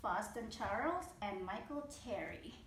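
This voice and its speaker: A woman, a mother, reading a children's storybook aloud at home with animated, expressive delivery. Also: mid-range voice, measured pace, background noise. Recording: echoey room.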